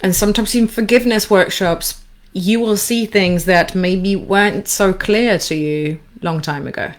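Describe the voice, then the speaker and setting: Woman, anxiety coach, guided exercise, calm and slow, repeats each instruction, mid-pitched voice.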